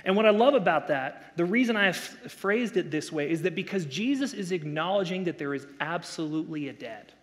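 Pastor, male, high-pitched, casual storytelling sermon with voiced quotes, reverberant church hall. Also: animated, fairly quick, hardly any pauses. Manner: conversational preaching with playful asides and acted quotes.

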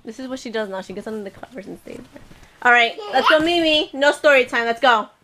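Brief: young woman vlogging at home, high and lively voice, teasing and laughing between lines. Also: fast, a little hiss or hum. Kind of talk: casual family vlog chat. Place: home at night.

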